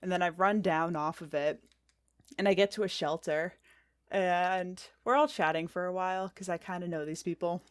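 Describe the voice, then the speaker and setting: A woman's voice: on the low side, moderate pace, clean tone, no room sound, clean studio sound. A woman from New Hampshire, a podcast guest, telling stories in a casual, chatty way that leans on fillers like "like" and "um.". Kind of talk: casual storytelling.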